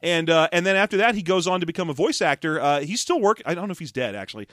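A man's voice: on the high side, lively intonation, quick pace, fairly bright tone, dry recording, clean studio sound. Laughing, rambling male podcast co-host. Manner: swearing, rambling, laughs while telling. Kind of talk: casual chat.

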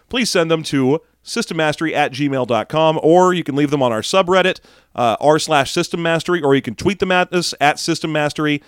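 A male podcast host signs off the show in a loose, joking ramble. His voice sits a bit high and is recorded close and dry. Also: no echo. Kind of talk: casual podcast sign-off.

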